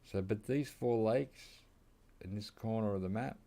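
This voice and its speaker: Aussie streamer guy, low voice, easygoing rambling game commentary from home. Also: unhurried, mellow. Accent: Australian. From Australia. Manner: laid-back, rambling, chuckling often. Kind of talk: casual gameplay commentary.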